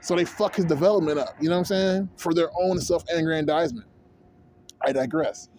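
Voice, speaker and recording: A man's voice: on the high side, fairly quick, a little mellow. A man in his thirties venting in a rambling, profane, heated rant to camera as a vlogger. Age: 30s.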